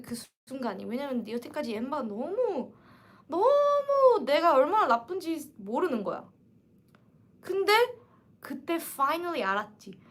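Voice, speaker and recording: A woman in her twenties hosting a casual livestream book chat, animated and emphatic. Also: high-pitched. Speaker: livestream host.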